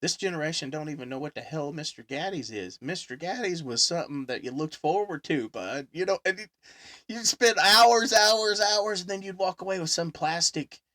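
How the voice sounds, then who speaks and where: Man rambling through animated stories. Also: a little high, moderate pace, no echo, clean studio sound. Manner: rambling, animated storytelling with many fillers. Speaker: podcast host. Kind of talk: casual chat.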